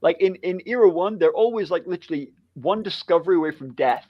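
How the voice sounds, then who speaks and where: A man co-hosting a casual book chat, an animated storyteller who laughs a lot and acts out the lines he quotes. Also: high voice, fast, no room sound, dull audio. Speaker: book club co-host.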